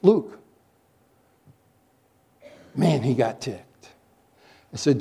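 A male pastor preaching a sermon, telling stories in an animated, joking way as he coaches his listeners. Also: medium pitch, takes it slowly, long pauses, slightly rough. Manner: animated, jokey storyteller who coaches the audience. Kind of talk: sermon with storytelling.

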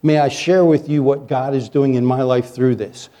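A male pastor preaching a sermon, telling stories in an animated, joking way as he coaches his listeners. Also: medium pitch, normal speed. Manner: animated, jokey storyteller who coaches the audience. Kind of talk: sermon with storytelling.

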